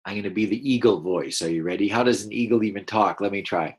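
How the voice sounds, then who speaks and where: A man teaching a first-grade class, reading a picture book aloud and gently encouraging the children to read along. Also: on the low side, fast talker, husky. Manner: gentle, encouraging, explains as he goes.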